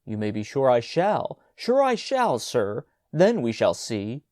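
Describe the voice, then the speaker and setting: A man voicing a shrill, indignant, prim new schoolmaster who cries out in outrage, in an audiobook story. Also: big pitch swings, moderate pace, mellow, no room sound, clean studio sound. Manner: outraged exclamations.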